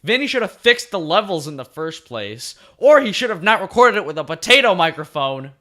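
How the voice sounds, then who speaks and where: A man co-hosting a casual podcast chat, rambling and excitable, often restarting his sentences. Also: high voice, a little fast. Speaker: podcast co-host.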